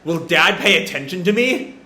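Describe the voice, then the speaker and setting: A man voicing a young man who is turning into a demon and begs for his father's attention, in a frantic, loud way. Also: sits high, animated, normal speed. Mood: pleading. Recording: echoey room.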